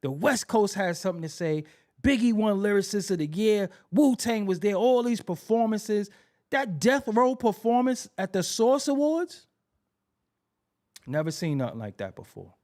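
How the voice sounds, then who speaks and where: A man hosting a podcast, telling music history stories in a casual, animated way and repeating himself for emphasis. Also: high-pitched. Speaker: podcast host.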